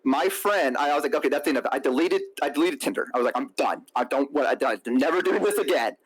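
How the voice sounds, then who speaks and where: A young man telling a story on a stream in a casual, animated way, acting out what other people said. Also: mid-range voice, fast talker, husky. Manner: animated storytelling, acts out quotes. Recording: crunchy lo-fi mic.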